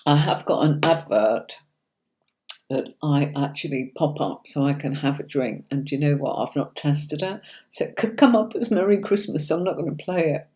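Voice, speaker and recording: A middle-aged woman gives casual tarot readings on a livestream in a deep, warm voice at a normal speed. Chatting with viewers, she reads out their comments and answers them by name, often calling them sweetie or darling.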